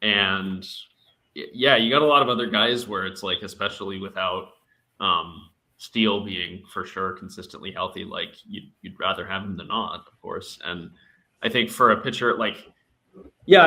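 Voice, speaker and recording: A man chatting on a sports podcast, his voice bright and forceful. He rambles as he thinks aloud, circling back with likes and ums. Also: lowish voice. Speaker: podcast panelist. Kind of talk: casual sports talk.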